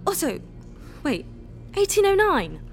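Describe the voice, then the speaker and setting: Actress as a dry, sarcastic woman on a bad date, high and lively voice, comedy audio drama. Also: a little slow, faint music behind, exaggerated voice. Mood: unimpressed. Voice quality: dry, sardonic delivery.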